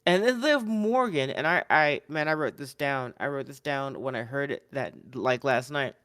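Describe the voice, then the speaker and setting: A man co-hosting a podcast, telling a wrestling recap in casual chat. He is animated, laughs often and acts out the wrestlers' lines. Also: medium pitch, normal speed, no echo, studio quality. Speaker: podcast co-host.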